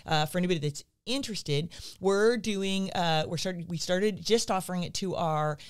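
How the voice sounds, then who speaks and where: Middle-aged woman instructor, very clear resonant tone, measured and agreeable, casual podcast talk. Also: on the low side. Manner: measured, affirming, trails off with fillers. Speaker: dog training instructor.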